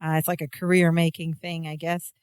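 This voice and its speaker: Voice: medium pitch, little pitch movement, a little fast, clean tone, dry recording. A podcast co-host narrating episode plots steadily in casual chat, adding dry asides.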